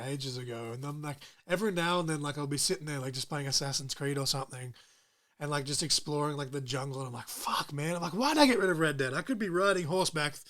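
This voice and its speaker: A young man hosts a casual podcast interview. His voice sits a touch high, and he rambles, laughs a lot and swears freely. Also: fairly bright tone. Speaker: podcast host.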